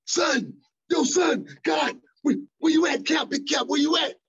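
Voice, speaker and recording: Frantic hollering man on the phone, high and loud, as a storyteller puts him on, slightly dull audio. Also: measured pace, exaggerated voice. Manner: hollering, excited, urgent.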